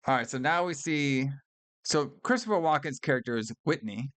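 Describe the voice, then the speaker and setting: He co-hosts a casual movie review podcast, chatting loosely with lots of cursing and laughter and a habit of saying "all right" and "brother." His voice is medium in pitch and a bit bright, at normal speed, with no echo.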